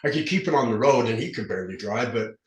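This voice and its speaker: With lively intonation and a quick pace, a roughly fifty-year-old man from southern Utah, a recovery specialist, speaks in a mid-range voice as a podcast guest. His candid storytelling is earnest and rambling, full of restarts, and carries a slight lisp from dentures. There's a roomy echo.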